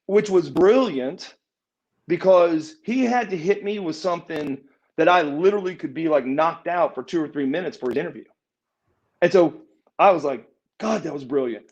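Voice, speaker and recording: A man with a fairly high voice tells stories in a loose, casual way. He acts out other people's lines as he goes, jumping into different voices. The podcast audio sounds a little dull and lo-fi. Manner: animated, acts out quotes in changed voices. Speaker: interview guest, former wrestler. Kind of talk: casual storytelling in a shoot interview.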